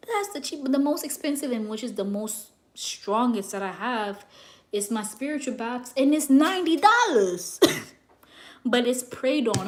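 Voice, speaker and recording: A young woman who works as a psychic reader, telling a story to her viewers in a brash, animated way and swearing freely. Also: on the high side, a little hiss or hum.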